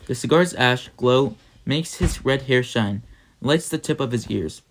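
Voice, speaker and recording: Man narrating a novel, measured. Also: medium pitch, expressive, slight background noise. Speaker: audiobook narrator. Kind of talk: scripted narration.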